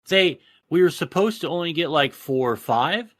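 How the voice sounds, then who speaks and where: A man from Texas with a drawl, swearing freely as he rants through a casual podcast story. His voice sits somewhat high, and the recording is close and dry. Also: normal speed, dry recording. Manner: profane, animated ranting storyteller. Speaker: podcast co-host.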